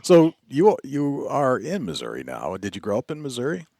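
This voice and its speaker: A man's voice: normal speed, no room sound, studio quality. A man from New England hosting a casual interview, talking in a conversational way with stumbling restarts. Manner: conversational, stumbling restarts, lively pitch jumps. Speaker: podcast host.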